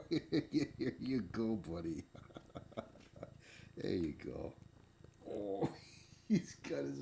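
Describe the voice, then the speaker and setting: A man's voice: sits low, very animated, extremely slow, gravelly, pauses often, mellow, slight background noise. A man at home feeding treats to his cats, chuckling often and talking to them in an affectionate, cooing baby-talk way. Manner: chuckles often between lines. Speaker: vlogger. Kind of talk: casual talk while feeding pets. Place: home indoors.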